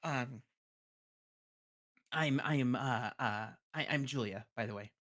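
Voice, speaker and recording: A game master voicing an eager, flustered young woman scholar who stammers quickly and quietly. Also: medium pitch. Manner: stammering, breathless, fast, quiet.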